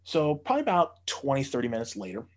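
A man telling a casual anecdote, animated, swearing freely and acting out the voices of the people he quotes. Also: mid-range voice, quick pace. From United States.

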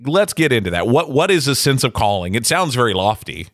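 An upbeat male podcast co-host with a lively, rising and falling voice. He keeps things conversational and moves the talk along with questions. His sound is dry and close. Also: mid-range voice, brisk, no echo. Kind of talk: casual podcast chat.

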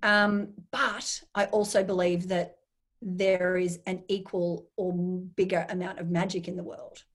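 A woman with a husky, slightly breathy voice talks through a relaxed interview. She speaks with enthusiasm and slips into little acted-out asides of her own thoughts. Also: on the low side, a little slow. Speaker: guest. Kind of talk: casual interview chat.

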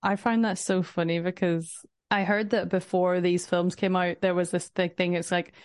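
A woman's voice: on the low side, flat delivery, smooth, no room sound, clean studio sound. A woman co-hosting a podcast, chatting about a film and laughing often. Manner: laughs often, quick reactions. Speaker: podcast co-host. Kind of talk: casual movie recap chat.

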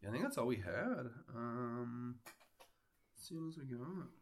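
A man's voice: medium pitch, sing-song, moderate pace. A man co-hosting a podcast, joking crudely and laughing often in casual banter. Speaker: podcast co-host. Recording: noticeable background noise.

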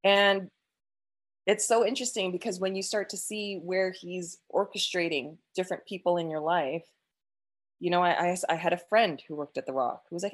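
A woman's voice: mid-range voice, a little fast. A woman sharing an emotional personal faith testimony, earnest, with frequent restarts and quoted prayers.

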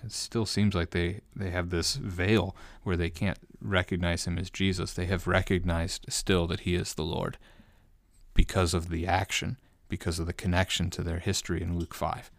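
A man's voice: low-pitched, little pitch movement, moderate pace, creaky, no room sound, studio quality. A man, a pastor, giving an unscripted bible study commentary, thinking aloud and often restarting his phrases.

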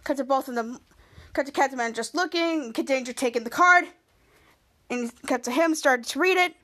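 A woman hosting a podcast, casually recapping a TV episode in a halting way, often restarting and repeating words. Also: sits high, bright, forceful tone. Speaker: podcast host.

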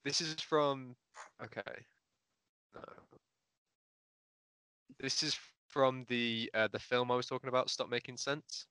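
Man, podcast co-host, bright tone, crisp voice, thoughtful and halting. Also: mid-range voice, steady tone, dry recording. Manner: thoughtful, halting, restarts often. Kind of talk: casual music review chat.

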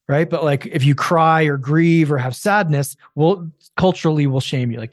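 A man's voice: on the high side, moderate pace, hardly any pauses, dry recording. A man in his forties talking earnestly and emphatically, coaching other men in a casual conversation. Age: 40s.

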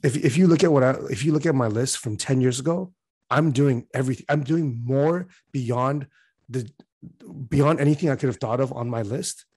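A man's voice: mid-range voice, moderate pace, darkish tone, slightly rough, no echo. A young man talking in a loose, rambling way, full of fillers, laughing as he tells stories. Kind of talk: casual chat.

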